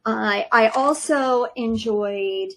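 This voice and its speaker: A middle-aged woman chats on a family podcast with a slightly high voice. She lays out her opinions firmly but casually, pausing on ums as she thinks. She sounds like a mother talking things over at home. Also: fairly bright tone, slight background noise, rough recording. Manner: opinionated, thoughtful, many ums.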